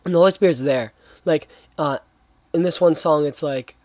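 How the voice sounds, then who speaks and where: A man's voice: on the high side, moderate pace, darkish tone, no echo. A young man giving a casual, earnest faith talk, rambling with slang and many restarts. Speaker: young Christian speaker.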